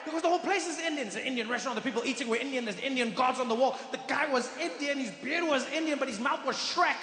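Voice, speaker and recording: South african guy doing stand-up, highish voice, big echoey hall w/ crowd noise. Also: quick pace. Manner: animated, bursts into shouted punchlines. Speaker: stand-up comedian. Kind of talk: stand-up comedy storytelling.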